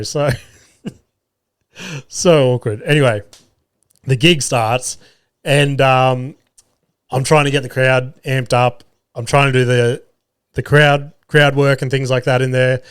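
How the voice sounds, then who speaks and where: Brief: male podcast host, mid pitch, salty storyteller, dry close mic. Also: measured pace, clean tone, dry recording. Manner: swears freely, animated retelling with quoted voices. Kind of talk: casual storytelling chat.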